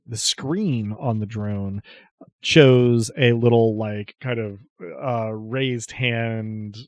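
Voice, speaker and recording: A man narrating as game master of a tabletop game, often chuckling and pausing on fillers. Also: mid-range voice, no room sound. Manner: relaxed, chuckling, searching with many fillers.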